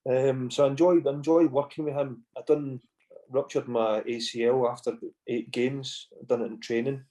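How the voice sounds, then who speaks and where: A Scottish man in his forties tells stories in a loose, conversational way. His speech wanders through asides and restarts. His pitch sits in an ordinary middle range. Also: fairly even intonation, normal speed, mellow. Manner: rambling anecdotes with frequent "you know" and swearing. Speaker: podcast guest, former footballer. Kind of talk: casual storytelling chat.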